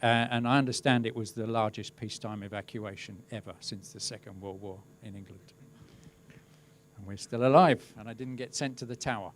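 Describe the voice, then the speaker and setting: A middle-aged man, a crowd safety specialist, giving a webinar talk with relaxed, wry storytelling. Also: lowish voice, brisk. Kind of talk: webinar presentation, telling an anecdote.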